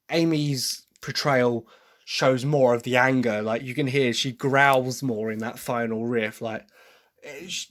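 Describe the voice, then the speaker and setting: A young man hosting a solo podcast, talking through his opinions in an enthusiastic, rambling way. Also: mid-range voice. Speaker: podcast host.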